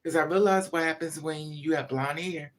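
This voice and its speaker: At normal speed, a man with a fairly bright, high-leaning voice and fairly even intonation tells family stories to his camera. The vlogger is candid, blunt and emphatic, swearing freely and adding lots of asides.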